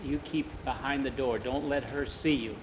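A man voicing a calm, sensible grown man in a told story, in a steady, plain voice. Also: mid-range voice, moderate pace, lo-fi sound, noisy background, natural voice. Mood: hushed.

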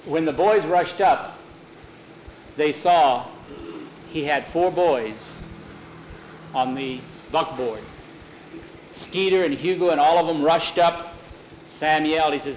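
A man with a slightly high voice narrates a homespun tale in an easygoing, repetitive way, stacking "he said" after "he said." A faint noise runs under the recording. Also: roomy sound, low-quality recording. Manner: unhurried, homespun narration with many "he said" tags and small restarts. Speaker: storyteller. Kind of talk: oral storytelling, reading out a boarding-school tale.

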